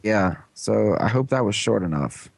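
A man's voice: fairly low pitch, animated, normal speed, vocal fry, dry recording. A young man hosting a show, giving a casual, rambling recap of an episode with lots of filler and sarcastic asides. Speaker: show host.

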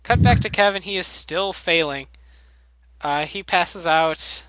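A man's voice: high-pitched, unhurried, a bit bright, poor audio. A man casually recapping a show episode, rambling and joking with plenty of swearing. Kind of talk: casual comedic recap chat.

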